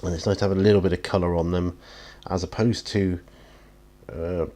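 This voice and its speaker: Painting in his home hobby studio, a tired man with a notably deep, low voice chats casually, rambling self-deprecatingly and yawning repeatedly. His tone is steady and mellow, and he speaks fairly quickly.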